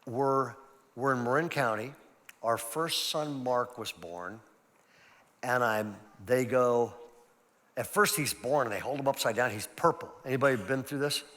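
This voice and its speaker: An older pastor gives a sermon-style seminar talk in a large church hall, conversational and emphatic, filled with personal stories. His voice is medium-pitched, unhurried and a bit bright. Long hall reverb fills the recording.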